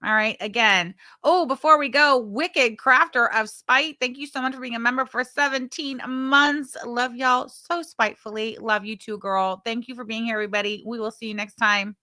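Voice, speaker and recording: A woman's voice: on the high side, steady tone, moderate pace, hardly any pauses, sharp tone, no room sound, studio quality. A woman hosting a livestream, bluntly chatting, swearing and thanking viewers for super chats. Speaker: livestream host. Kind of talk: casual livestream commentary.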